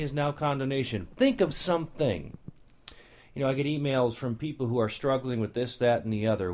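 Male preacher, emphatic and repetitive, casual asides, mid-pitched voice. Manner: emphatic, repeats key phrases; conversational asides and fillers. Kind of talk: Bible teaching sermon.

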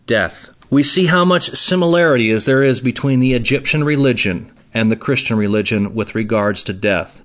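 Emphatic man giving Bible teaching. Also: mid-range voice. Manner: emphatic, animated retelling with acted quotes.

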